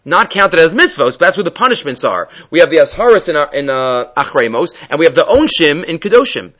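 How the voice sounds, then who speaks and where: Man, high-pitched, Torah teacher; earnest explainer moving between Hebrew quotes and English. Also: sing-song, a little fast, a bit bright, lo-fi sound. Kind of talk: daily Torah class on the weekly portion.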